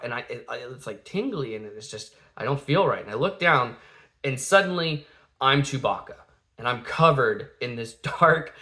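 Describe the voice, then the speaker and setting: A man's voice: mid-range voice, bright, forceful tone. A man in his thirties, a father telling a family story in a casual, rambling way, full of fillers and restarts, acting out the quotes.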